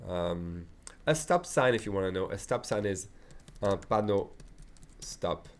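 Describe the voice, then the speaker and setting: Casting: middle-aged French man, French accent, lowish voice, relaxed tutor for beginners, repeats and checks in. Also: measured pace. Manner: chatty, repeats phrases and checks in with "d'accord". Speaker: French teacher. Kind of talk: beginner language lesson.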